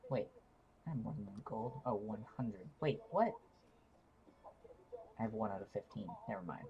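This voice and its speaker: A woman's voice: extremely low pitch, fairly quick, muffled recording, slight background noise. A woman live-streaming from home, chatting casually with her viewers in a rambling way, often interrupting herself and laughing.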